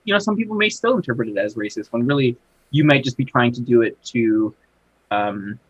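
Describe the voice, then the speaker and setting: Male moderator, husky, hedging and measured; dry, muffled podcast audio. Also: medium pitch, expressive, no room sound. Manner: measured, hedging, restarts a lot. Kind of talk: casual podcast chat. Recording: dull, dry lo-fi podcast recording.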